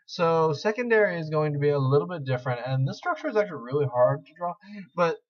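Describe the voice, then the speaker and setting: A man's voice: fairly high pitch, very animated, quick pace. A young man giving a casual screen-recorded tutorial, rambling and self-deprecating as he explains. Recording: slightly dull lo-fi mic.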